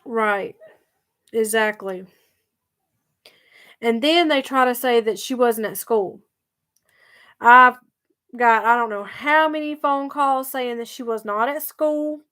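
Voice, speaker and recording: A woman's voice: fairly high pitch, slow, pauses often, fairly bright tone. A woman telling a story to her viewers in a chatty, emphatic way that circles back over the same points. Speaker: vlogger. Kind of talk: casual storytelling vlog.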